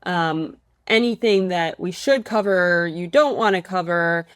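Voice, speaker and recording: A woman hosting a casual podcast chat about singing, thoughtful and chatty as she sets up her questions. Her voice sits a little low for a woman, and the recording is dry and close. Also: a little slow, clear, resonant tone, dry recording. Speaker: podcast host and voice teacher.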